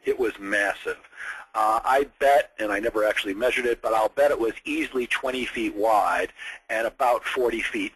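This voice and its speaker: Man, husky, middle pitch, storytelling sales trainer, animated. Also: rough recording. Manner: animated storyteller, acts out quoted voices.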